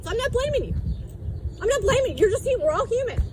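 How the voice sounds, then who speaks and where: High-pitched woman yelling in a park. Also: animated, rapid-fire, noisy background. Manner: shouting, angry, profane. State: voice getting sore. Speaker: protester filming a livestream. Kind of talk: heated livestreamed confrontation. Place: outdoors in a public park.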